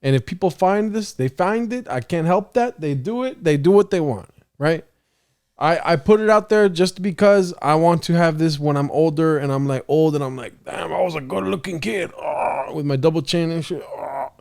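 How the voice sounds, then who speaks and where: A young man chats on his own podcast, with a voice pitched a little higher than most men's. He rambles from one thing to the next, pokes fun at himself and breaks into laughter often. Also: moderate pace, a little mellow, clean tone. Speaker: podcast host. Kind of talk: casual solo podcast chat.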